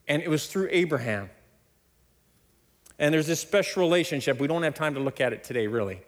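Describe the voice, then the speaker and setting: A man preaching a sermon, emphatic and animated, often laughing between points. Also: brisk. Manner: animated, emphatic preaching with sudden loud high stresses. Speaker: pastor. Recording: long hall reverb.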